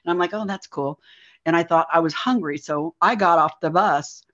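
A woman, a guest, recounting a personal experience in a halting storytelling way, often saying "like". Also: fairly low pitch, a bit bright. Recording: dull lo-fi audio.

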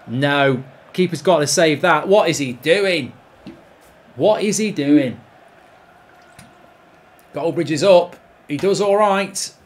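A man giving excitable, sweary live commentary while he plays a football video game. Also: on the high side, slow, long pauses. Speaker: gaming streamer.

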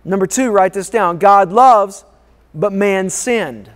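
Guy preaching in a church, high pitched, takes his time, keeps hammering the same lines, big reverb hall. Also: takes it slowly. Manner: emphatic, repetitive preaching with call-and-response. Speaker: pastor. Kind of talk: sermon. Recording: long reverb of a large hall.

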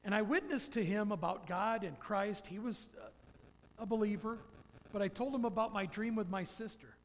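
A man speaks in a fairly high, gravelly voice as he shares an earnest personal testimony. His storytelling carries a long reverb from a church sanctuary. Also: moderate pace, slight background noise.

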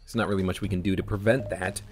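Guy with a lowish voice doing let's play commentary, thinking out loud at his desk mic, music in the background. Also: fairly even intonation, quick pace. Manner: casual, thinking aloud while playing. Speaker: gameplay commentator.

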